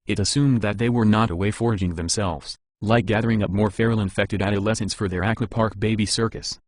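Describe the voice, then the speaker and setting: Low-voiced male audiobook narrator. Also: steady tone, brisk, no room sound. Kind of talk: scripted narration.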